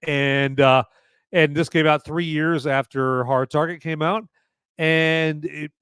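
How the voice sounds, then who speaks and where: A man's voice: a little high, steady tone, slow, fairly bright tone, clear, resonant tone, no echo. A man hosting a live movie review podcast, rambling casually with many fillers and swearing. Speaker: podcast host.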